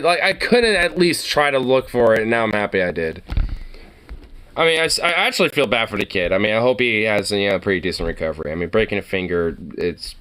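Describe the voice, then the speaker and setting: A man's voice: medium pitch, sharp tone, clear, resonant tone. A man streamer doing casual, rambling reaction commentary, swearing and laughing often.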